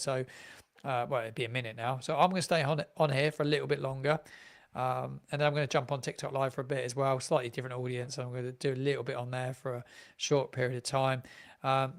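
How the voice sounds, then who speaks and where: Gravelly-voiced man rambling on a live stream. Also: mid-range voice. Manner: rambling, repeats himself, many ums. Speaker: football fan content creator. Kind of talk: live-streamed transfer deadline chat.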